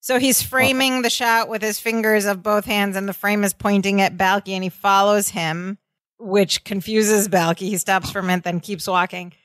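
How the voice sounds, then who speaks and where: A woman's voice: mid-range voice, fairly even intonation, normal speed, fairly bright tone, no echo, studio quality. A woman co-hosting a podcast, casually retelling a sitcom episode and laughing often. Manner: chatty, laughing, retells scenes with quoted lines. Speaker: podcast co-host. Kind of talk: casual rewatch podcast recap.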